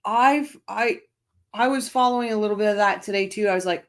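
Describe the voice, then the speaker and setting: A chatty middle-aged woman with a mid-range voice hosts a casual livestream, talking a little fast. She reads viewer comments aloud and discusses them, frequently stopping and restarting her sentences.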